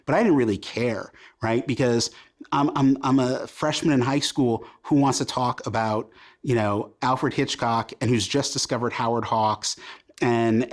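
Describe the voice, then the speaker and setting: A man in his fifties from Portland, Oregon, telling stories about his life in a casual interview and acting out remembered lines of dialogue. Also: mid-range voice. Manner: animated, self-deprecating, acts out remembered dialogue. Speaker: comic book creator as guest.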